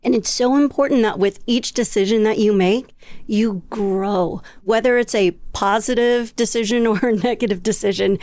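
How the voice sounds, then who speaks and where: A woman's voice: mid-range voice, moderate pace, a little mellow, dry recording, clean studio sound. A woman in her fifties, a podcast guest, telling stories in an upbeat, easy-laughing way. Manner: upbeat, storytelling, laughs easily. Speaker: guest traveler. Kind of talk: podcast interview.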